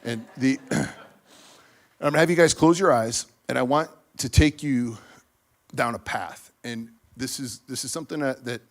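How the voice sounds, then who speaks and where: A man preaching to a church business group in a casual, animated way, acting out quoted voices with lots of fillers and restarts. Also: mid-range voice, normal speed. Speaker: speaker at a church business ministry meeting. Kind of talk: energetic preaching talk.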